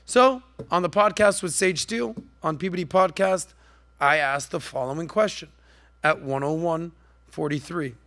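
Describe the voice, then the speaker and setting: A man hosting a podcast, delivering mocking commentary in a sarcastic, animated way that jumps up in pitch for his jabs. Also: moderate pace, no room sound. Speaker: podcast host.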